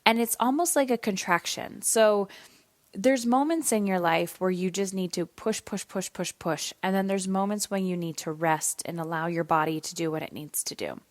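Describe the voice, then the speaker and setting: A woman's voice: mid-range voice, normal speed, no echo. A woman in her thirties hosting a solo podcast, talking candidly and casually with some swearing, tired and yawning. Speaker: podcast host.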